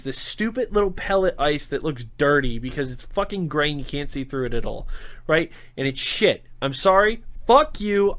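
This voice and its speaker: Loud, profane young man ranting. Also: high-pitched. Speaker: podcast co-host. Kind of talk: casual chat.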